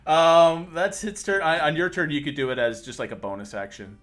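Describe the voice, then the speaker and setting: A man narrating as game master for a tabletop game on a livestream, quick and often laughing, with some stumbles. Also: fairly high pitch, fairly bright tone.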